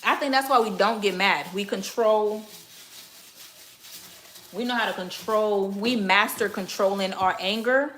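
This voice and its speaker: Caribbean-American Miami woman, livestream host, blunt and profane, bright lively voice, faint room noise. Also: mid-range voice, measured pace, pauses often. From Miami, Florida. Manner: blunt, profane, animated storytelling. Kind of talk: casual livestream chat while cleaning.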